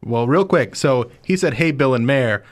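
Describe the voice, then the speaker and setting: A man co-hosting from a radio studio, talking loosely and jokily with his co-host. His humour is dry and deadpan, delivered in an easy, conversational way. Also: mid-range voice, normal speed. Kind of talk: casual studio chat.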